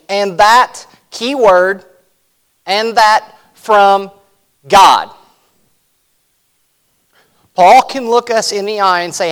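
A man delivers a sermon. His voice sits high for a man. He preaches in a conversational way, repeating phrases and turning to the congregation with folksy asides. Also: a bit bright. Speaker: pastor.

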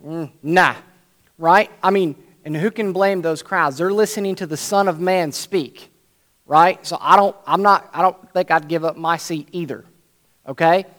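A man preaching a sermon, retelling a story in an animated way and checking in with "right?". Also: high-pitched, moderate pace. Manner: animated, acts out the scene, frequent "right?".

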